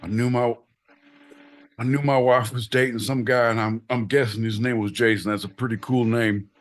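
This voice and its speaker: A man's voice: medium pitch, flat delivery, moderate pace. A man co-hosting a live comedy podcast, ranting profanely through an improvised bit. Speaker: podcast co-host.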